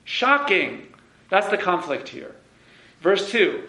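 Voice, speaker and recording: Emphatic teacher in an echoey room. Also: male voice, sits high, moderate pace. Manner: animated and emphatic, reads quotes aloud. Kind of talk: text study lesson.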